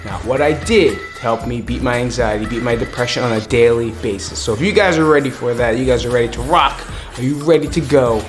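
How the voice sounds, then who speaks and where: A man from the US East Coast hosting a podcast, talking in an energetic, hyped, chatty way in a casual monologue. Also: mid-range voice, a little fast, soft background music. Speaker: podcast host.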